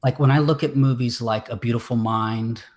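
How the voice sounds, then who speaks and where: A man's voice: mid-range voice, steady tone, moderate pace, darkish tone. A man, a filmmaker guest, chatting casually on a video call, rambling with many fillers and restarts. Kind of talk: casual interview chat.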